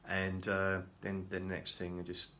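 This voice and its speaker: Low-voiced man rambling to camera. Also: monotone, slow pace, pushed and bright, slight background noise. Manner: rambling, self-deprecating, many restarts. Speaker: vlogger. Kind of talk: casual rambling monologue.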